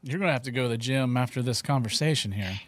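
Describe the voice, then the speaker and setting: A man hosting a podcast, speaking in brief, quiet prompts and dry jokes. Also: mid-range voice, quick pace, no echo. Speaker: podcast host.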